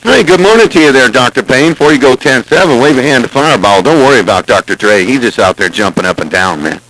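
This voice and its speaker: A man's voice: medium pitch, animated, fast, fairly bright tone, a little hiss or hum, poor audio. A man in casual chat over a CB radio, with folksy talk and repeated greetings. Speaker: CB radio operator. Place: Southern California, near the Salton Sea. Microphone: CB radio transmission.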